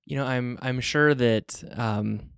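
A man hosting a podcast, talking in a relaxed, hesitant way with many fillers. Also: mid-range voice, slow pace, creaky, smooth, no room sound, clean studio sound. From Utah. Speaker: podcast host. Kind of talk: casual podcast conversation.

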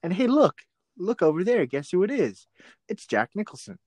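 A man's voice: high voice, very animated, moderate pace, darkish tone, no echo, pitched above the performer's own voice, heavily acted. A man hamming up a bossy eighties video film instructor. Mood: impatient. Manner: bossy, impatient. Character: gruff 1980s how-to-film-video male instructor.

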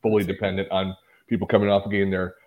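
A man's voice: low-pitched, racing, narrow, tinny audio. A man co-hosting a podcast, telling a story with lots of life and laughing along. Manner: animated storyteller, laughs through stories. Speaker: podcast co-host. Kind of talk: casual podcast banter.

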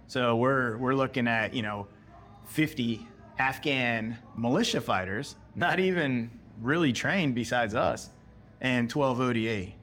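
A man's voice: mid-range voice, unhurried, fairly bright tone. A middle-aged American man telling a story from his own war experience in a casual conversational way, acting out what he and others said at the time. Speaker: guest, military veteran.

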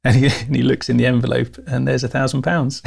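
A man, a guest telling his story in a relaxed interview. His voice sits at a middle pitch with a gravelly fry at the edges. He tells it in a lively way and acts out the voices of the people in it. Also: fast talker. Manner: animated, laughs often, acts out quoted voices.

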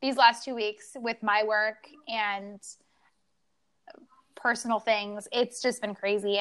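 A young woman with a fairly high voice chats casually as a podcast co-host. She tells stories in an animated way and plays out the back-and-forth as she goes. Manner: animated storytelling, acts out dialogue. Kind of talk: casual chat.

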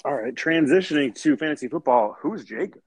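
A man's voice: fairly high pitch, expressive, fairly quick, breathy edge, dry recording. A man co-hosting a casual podcast, laid-back and wisecracking with some swearing. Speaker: podcast co-host.

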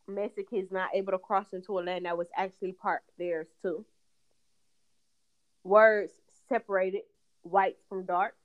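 Animated woman telling stories, dull audio. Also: mid-range voice. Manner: animated storyteller acting out her kids' lines. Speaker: podcast co-host and mother. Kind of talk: casual chat.

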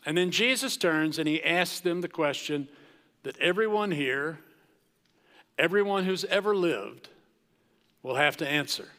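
A man preaching a sermon as pastor, slow and emphatic, with dramatic pauses. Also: a little high, sharp tone. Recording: long reverb of a large hall.

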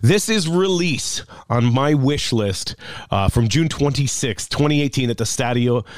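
A man's voice: medium pitch, animated, a little slow. Chatty Canadian man telling fan stories. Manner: chatty, rambling storytelling with fillers. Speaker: podcast host and guest radio DJ. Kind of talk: casual spoken introduction.

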